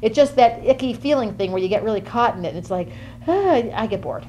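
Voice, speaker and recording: A woman with a slightly high, mellow, natural-sounding voice speaks animatedly and fairly quickly, acting out a quirky, bubbly Gemini woman who is easily bored and leaps between topics in a chatty comic monologue. Some light background noise can be heard.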